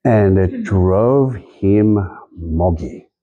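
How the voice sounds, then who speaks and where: A man's voice: low-pitched, animated, extremely slow, lo-fi sound. A man preaching a sermon in a conversational, storytelling way, acting out the quotes in his stories.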